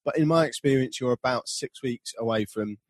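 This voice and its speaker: A man's voice: mid-range voice, fairly quick, no room sound. A man co-hosting a podcast, chatting casually with wry, joking asides. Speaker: podcast co-host. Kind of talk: casual chat.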